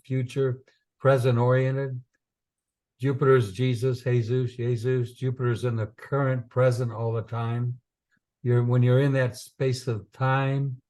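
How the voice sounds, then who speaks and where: A man explains astrology in a loose teaching talk. His voice is mellow and warm, pitched mid-range. He wanders between points, repeats himself and fills pauses with "you know" and "um", leaning earnestly into a preaching cadence. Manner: rambling, with many fillers and repetitions. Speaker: astrologer teaching chart interpretation.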